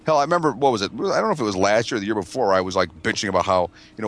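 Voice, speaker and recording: Lowish-voiced guy on a call, cussing, rambling stories. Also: very fast, fairly bright tone. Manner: profane, rambling storyteller. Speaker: podcast co-host. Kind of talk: casual chat. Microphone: remote call.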